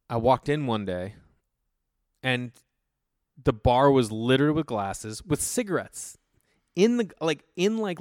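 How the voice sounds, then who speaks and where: A man's voice: mid-range voice, no echo, studio quality. A man hosting his own podcast, telling work stories in a rambling, casual way with swearing and lots of fillers. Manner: rambling, profane, frequent fillers and restarts. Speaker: podcast host. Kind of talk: casual solo storytelling.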